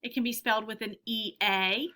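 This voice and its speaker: A woman teacher giving a phonics lesson to young children, saying each word slowly and clearly twice. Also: fairly high pitch, steady tone, sharp tone. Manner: slow, clear word-by-word dictation.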